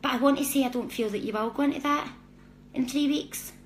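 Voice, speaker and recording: Speaking a little fast in a high-pitched voice, a woman runs a live-stream psychic reading. Her manner is chatty, apologetic and warm-hearted, and she talks right to her viewers.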